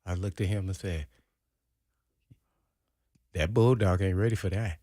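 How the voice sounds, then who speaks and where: A man co-hosting sports talk radio, telling an animated story and acting out the quotes. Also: low-pitched, measured pace. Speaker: sports radio co-host, former player.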